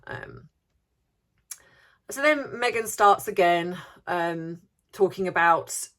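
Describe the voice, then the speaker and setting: A woman's voice: fairly low pitch, expressive, takes it slowly, fairly bright tone. A woman vlogger giving opinionated commentary, indignant and sarcastic, firing off rhetorical questions and repeating words for emphasis.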